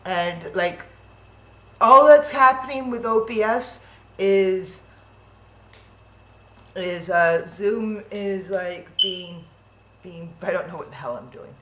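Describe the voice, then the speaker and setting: Slow and pausing often, a woman's mid-range voice comes across bright and forceful as she hosts a live-streamed online event. Flustered by video call issues, she chats, thinks aloud and restarts. There's a roomy echo and faint noise.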